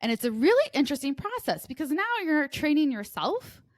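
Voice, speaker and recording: A woman co-hosting a casual podcast, talking fast and nervously with many fillers and restarts. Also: high-pitched, very animated, no room sound, studio quality. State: nervous and sweaty. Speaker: podcast co-host.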